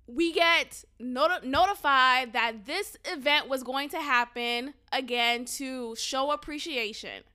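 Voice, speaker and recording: A woman's voice: sits high, pushed and bright. A young adult woman hosting a podcast, venting in an exasperated, emphatic way and swearing freely. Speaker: podcast host. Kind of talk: casual venting monologue.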